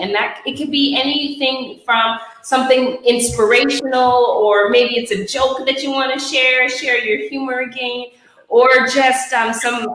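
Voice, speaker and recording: A woman's voice: on the high side, fairly bright tone. A woman hosting an interview show, enthusiastic and effusive in her praise. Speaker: show host. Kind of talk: casual interview chat. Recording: very echoey room.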